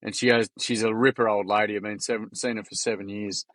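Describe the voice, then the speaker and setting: A man's voice: lowish voice, level tone, fast, fairly bright tone, dry recording. A man in his forties with an Australian accent, a podcast guest telling candid stories in a casual, blunt way, peppered with swearing and slang. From Gold Coast, Queensland, Australia. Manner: blunt, swears freely, heavy on mate and like. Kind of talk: candid conversational storytelling.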